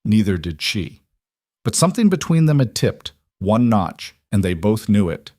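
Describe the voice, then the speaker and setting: A man narrating a scripted story in a measured, even delivery. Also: fairly low pitch, dry recording, studio quality.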